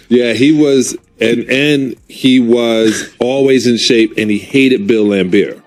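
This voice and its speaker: A man's voice: lowish voice, moderate pace, faint music behind. A man telling a casual anecdote with a playful tone, trading quoted dialogue back and forth. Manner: playful, laughs, mimics dialogue. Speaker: former player, interview guest.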